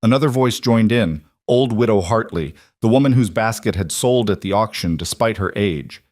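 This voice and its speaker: A male narrator reading a Western tale in a measured, dramatic manner. His voice sits low, and the recording is dry and close with no room sound. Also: darkish tone, no echo. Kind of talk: scripted storybook narration.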